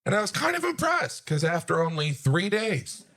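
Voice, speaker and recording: A man performing a stand-up comedy routine, self-deprecating, acting out his own disbelief. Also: normal speed. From United States. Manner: animated, self-deprecating, jumps to high outraged acted-out voices.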